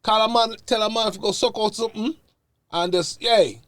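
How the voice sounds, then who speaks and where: A man's voice: high voice, fairly even intonation, moderate pace, a bit bright, dry recording. A man, co-hosting a podcast and arguing back playfully in casual banter. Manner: argumentative, playful. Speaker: podcast co-host.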